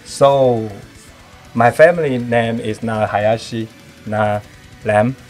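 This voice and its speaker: A man from Taiwan with a Taiwanese accent, Taiwanese Hokkien his first language, talking as a podcast guest in casual chat, halting and reaching for words with many fillers. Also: mid-range voice, fairly even intonation, a little mellow, faint music behind.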